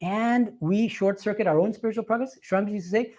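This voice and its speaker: A man's voice: high voice, quick pace, darkish tone. A man in his forties, a monk giving a spiritual lecture to a live audience and telling stories with earnest emphasis. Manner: earnest, emphatic storytelling with laughs. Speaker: visiting swami giving a talk. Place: meditation hall with a live audience.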